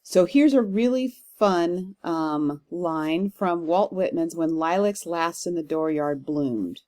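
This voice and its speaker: A woman's voice: fairly low pitch, slow, darkish tone. A woman teacher giving a recorded lecture, explaining step by step with some fillers and reading verse aloud with strong stress. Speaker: literature teacher.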